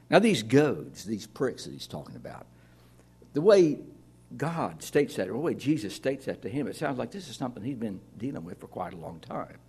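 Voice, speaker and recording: Male preacher, husky voice, talky sermon, swings from loud to hushed. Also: medium pitch, very animated, moderate pace. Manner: conversational preaching, dropping to near-whispers. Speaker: pastor. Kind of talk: sermon to a congregation.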